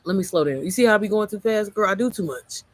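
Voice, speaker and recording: A woman with a worn, slightly hoarse voice, chatting casually and motivationally on a livestream, rambling, getting sidetracked and swearing freely. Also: mid-range voice, lively intonation, fast. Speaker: mom entrepreneur livestreamer.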